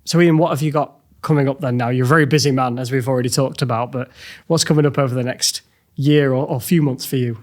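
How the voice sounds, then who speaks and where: A man hosts a relaxed podcast chat, talking at a fast clip. His questions come out quick and halting, with frequent small restarts. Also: mid-range voice. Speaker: podcast host. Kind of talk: casual interview.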